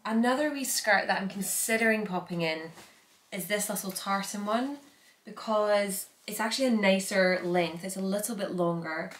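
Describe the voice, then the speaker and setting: A woman's voice: medium pitch, moderate pace, fairly bright tone, echoey room. A young Scottish woman chatting casually through a packing vlog, rambling with lots of filler words. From Scotland. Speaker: vlogger.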